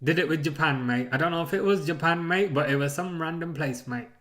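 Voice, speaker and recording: A man's voice: fairly high pitch, brisk, fairly bright tone, natural voice. A man mimicking a brash Aussie football boss. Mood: boastful. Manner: repeats "mate" after every phrase. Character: brash middle-aged male Australian football manager.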